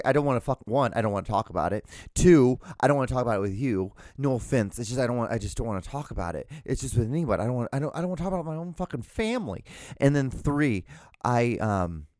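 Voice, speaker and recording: A man's voice: mid-range voice, darkish tone, no echo, clean studio sound. A man hosting a solo podcast, rambling casually with lots of swearing, restarts and self-mocking laughs. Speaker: podcast host.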